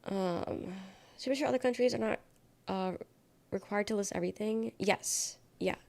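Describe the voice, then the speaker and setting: A woman's voice: medium pitch, normal speed, gravelly, darkish tone. A young adult woman live-streaming in a casual chat, reading her chat aloud and reacting bluntly, swearing freely. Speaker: livestreamer.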